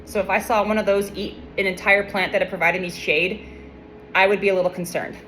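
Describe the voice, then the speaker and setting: A woman's voice: medium pitch, level tone, brisk, a bit bright, soft background music, poor audio. A young adult woman casually retelling a Bible story, mixing the reading with wry, playful asides.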